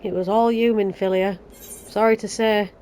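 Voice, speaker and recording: A woman's voice: medium pitch, steady tone, moderate pace, darkish tone, clean tone. A Yorkshire woman hosting a let's play, chatting sarcastically and ranting about the story. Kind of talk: casual game commentary.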